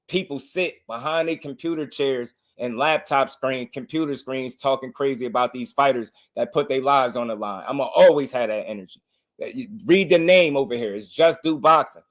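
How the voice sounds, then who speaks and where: A man hosting a boxing livestream, delivering a heated, impassioned rant to his viewers and hammering the same points again and again. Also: fairly high pitch. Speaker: boxing channel host.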